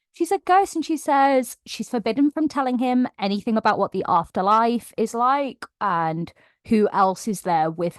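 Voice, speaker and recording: Woman book vlogger, bright higher voice, dry room, animated fan recap. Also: no echo. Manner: emotional, gushing and animated retelling. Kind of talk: casual plot recap.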